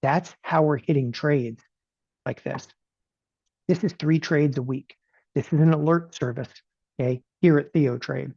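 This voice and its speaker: A man teaching options trading in a live webinar. He talks in an animated, rapid-fire way and keeps asking "okay?" after every point. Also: fairly high pitch, gravelly, dry recording, dull audio.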